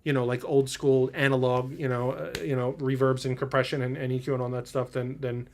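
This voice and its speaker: A man's voice: medium pitch, level tone, fairly quick, slight background noise. A man hosts a drum livestream from his drum room, chatting casually with viewers. He rambles and halts, full of fillers and restarts. He is picked up by studio mics. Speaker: drummer hosting a livestream. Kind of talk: casual livestream chat reading viewer comments. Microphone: studio mics through a preamp.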